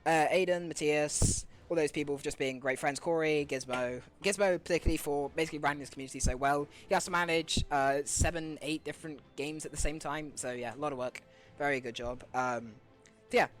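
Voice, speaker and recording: A man's voice: a little high, fairly bright tone. A man commentating his own speedrun live, eager and full of fillers, out of breath with a sore throat. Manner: fast, eager, with frequent fillers.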